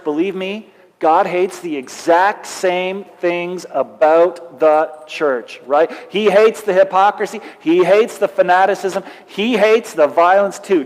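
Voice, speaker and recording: A man preaching a sermon, emphatic, with dramatic pauses and swings from loud to soft. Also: high-pitched. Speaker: pastor. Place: church. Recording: long church hall reverb.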